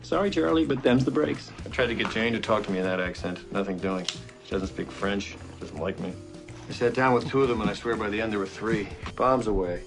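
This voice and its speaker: A man's voice: lowish voice, a little fast, vocal fry, music in the background. An actor playing a witty, hard-drinking older male ad executive, delivering dry sardonic one-liners. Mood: wry.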